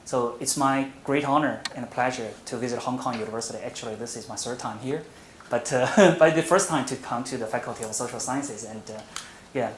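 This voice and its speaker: Guy giving a uni talk, mid pitch, lots of uh's, roomy echo and faint hum. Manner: measured, with frequent "uh" and restarts. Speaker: visiting academic speaker. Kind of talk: academic presentation. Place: university lecture room.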